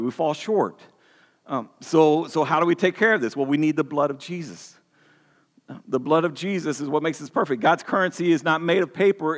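A man's voice: fairly high pitch, fairly bright tone, big-room sound. A man preaching a sermon, earnest, with many repeated words and restarts. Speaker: pastor.

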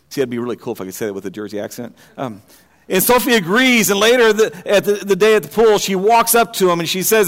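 A man preaching a sermon, opening with folksy, self-deprecating jokes in a halting way before moving into scripture. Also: high voice, lively intonation, in a large hall.

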